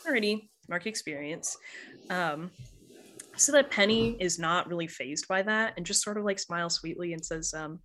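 A woman narrating as game master of a tabletop role-playing game, describing scenes in a relaxed way with many fillers. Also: fairly low pitch, moderate pace.

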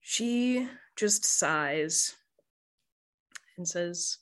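A woman narrating as game master of a tabletop role-playing game, describing scenes in a relaxed way with many fillers. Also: on the low side, extremely slow.

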